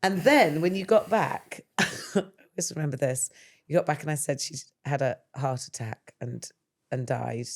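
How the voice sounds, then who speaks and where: A middle-aged woman hosts a casual podcast. She tells a family story in an animated way and laughs through it. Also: deep voice, moderate pace. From England. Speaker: podcast host.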